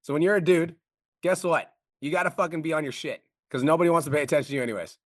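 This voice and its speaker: A man coaching with blunt, profane bluster. He talks at a rapid clip in a slightly raised voice. The sound is dry and close. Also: on the high side, dry recording. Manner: brash, profane, fast-talking. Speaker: business coach.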